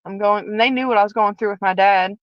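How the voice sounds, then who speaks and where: A woman's voice: medium pitch, steady tone, quick pace, no echo, highs cut off. A woman, a former prison officer, candidly telling her personal story as a guest and acting out the dialogue as she retells it.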